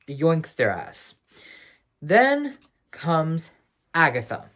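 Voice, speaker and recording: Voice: mid-range voice, lively intonation, unhurried, fairly bright tone. A speaker giving a casual spoiler review of a TV finale, rambling and slangy, often correcting and restarting mid-sentence. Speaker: TV series reviewer.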